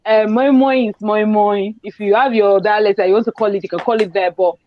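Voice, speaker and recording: A middle-aged woman hosting a casual online group chat, telling stories in a lively, chatty way over a video call. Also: medium pitch, a little fast, a little hiss or hum. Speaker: host. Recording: muffled video call audio.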